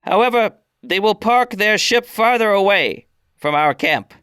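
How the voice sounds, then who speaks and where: A commanding old orc matriarch, voiced by a man, measured and formal, pitched well above his own voice. She sounds close and dry, with a bright, clean tone. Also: animated, smooth, no room sound, full character voice. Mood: stern. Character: stern old orc woman, tribal elder.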